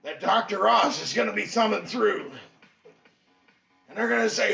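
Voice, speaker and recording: A man giving an impassioned motivational pep talk as a fitness instructor, preachy and repetitive, bursting into shouts. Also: sits high, normal speed, gravelly, pauses often. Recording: echoey, distant, dull mic with faint music.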